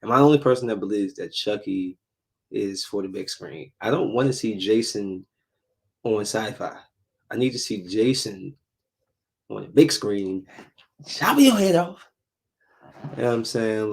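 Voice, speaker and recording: Low gravelly guy doing a chill solo podcast, blunt and slangy, repeats himself a lot. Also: normal speed. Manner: blunt, repetitive, loose slangy talk. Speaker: podcast host. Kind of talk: casual solo podcast rant.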